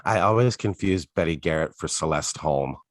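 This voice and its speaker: A man's voice: very deep voice, expressive, normal speed, no echo. A man co-hosting a podcast, making wry, reflective remarks in a casual chat about a TV episode. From United States. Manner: wry, reflective, joking asides. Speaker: podcast co-host.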